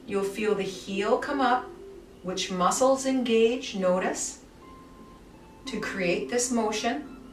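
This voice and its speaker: A woman yoga teacher guiding a somatic movement class with soft, soothing cues. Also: a little high, takes it slowly, long pauses, slight background noise. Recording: echoey room, mic far off, faint music.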